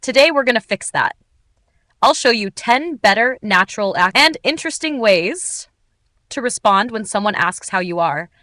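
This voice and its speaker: A woman teaching English in an upbeat, clearly articulated, scripted narration. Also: fairly high pitch, animated, moderate pace, bright, forceful tone, no echo.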